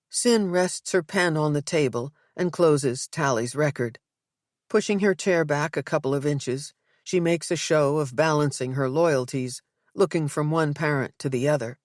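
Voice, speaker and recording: A woman narrating an audiobook in an even, measured way. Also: low voice, dry recording, studio quality. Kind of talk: scripted narration.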